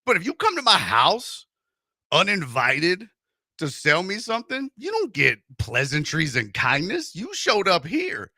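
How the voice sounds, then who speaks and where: A high-voiced radio host takes his time, recorded in a clean studio with no echo. He shares a story in casual chat, animated and full of jokes, acting out the characters' voices.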